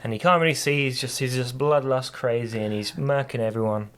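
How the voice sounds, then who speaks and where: A man's voice: medium pitch, steady tone, a little fast, a bit bright, clear, resonant tone. A man on a podcast casually retelling a story, rambling with lots of fillers and restarts. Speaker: podcast co-host.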